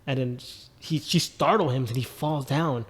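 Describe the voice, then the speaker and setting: A man's voice: mid-range voice, moderate pace, breathy edge. A man co-hosting a podcast, telling a story in rambling casual chat with lots of "like" and "dude". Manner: rambling, many restarts and "like", "dude". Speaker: podcast co-host.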